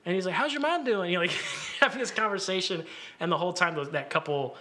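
A man animatedly telling a story in casual chat, acting out what people said. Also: quick pace. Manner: animated, acts out quotes with big pitch jumps.

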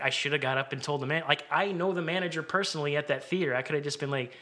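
Guy with a bright voice telling a story in casual chat, doing all the voices. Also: rapid-fire. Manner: animated, acts out quotes with big pitch jumps.

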